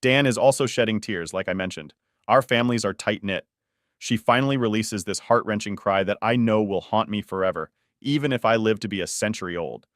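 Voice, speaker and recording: Deep-voiced man narrating a bedtime story. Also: a little fast, dry recording, clean studio sound. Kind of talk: scripted first-person story narration.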